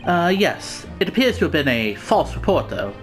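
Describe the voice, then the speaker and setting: A woman voicing a formal, polite male inspector, measured and apologetic. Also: low-pitched, sing-song, over music.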